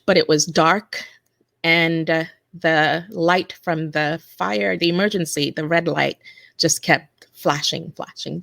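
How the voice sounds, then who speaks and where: A woman telling her survival story in an interview, speaking haltingly with restarts and corrections. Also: low voice, creaky, dry recording, studio quality. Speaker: interview guest, attack survivor. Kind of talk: emotional personal testimony.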